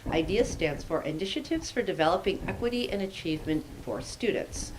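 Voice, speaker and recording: At a committee meeting, a woman delivers chatty, upbeat school announcements with a joking manner. Her voice is on the low side, animated and a little fast, and the meeting recording is noisy.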